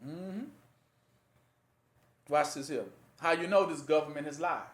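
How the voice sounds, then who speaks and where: A man teaching scripture in a casual sermon, often pausing to ask listeners to fill in the last word. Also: a little high. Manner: rhetorical fill-in-the-blank questions to listeners; conversational, plain-spoken. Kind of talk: informal Bible teaching sermon. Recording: echoey room.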